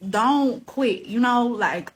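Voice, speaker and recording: This personal testimony vlog features a woman with a fairly high voice who takes her time, against a slight hiss or hum. Casual and heartfelt, she recounts her own story, then earnestly encourages listeners, like a preacher, to keep going.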